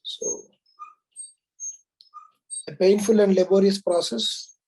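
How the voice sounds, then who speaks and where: A man's voice: sits high, steady tone, takes it slowly, dark tone, husky, low-quality recording. A man, teaching an online exam coaching class. He reads out the question, explains it and asks the students to confirm.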